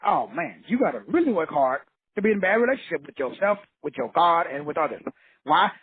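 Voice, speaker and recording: A man's voice: sits high, husky. A man giving a fiery motivational lecture, preachy and blunt, repeating his points with profanity. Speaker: motivational teacher. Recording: tinny phone-like dry sound.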